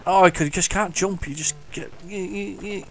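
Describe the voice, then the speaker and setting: This man's voice sits high with a steady tone and moves at a moderate pace as he chats about gameplay. A retro gaming video host, he is chatty and enthusiastic, rambling with many restarts and humming along to the game tunes. Faint retro game music plays in the background.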